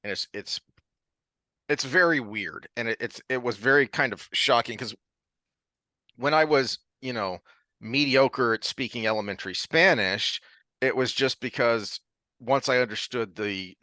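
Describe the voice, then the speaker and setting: A man's voice: fairly low pitch, pushed and bright, no echo. A man co-hosting a casual book podcast, rambling with frequent restarts and easy laughter. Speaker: podcast co-host.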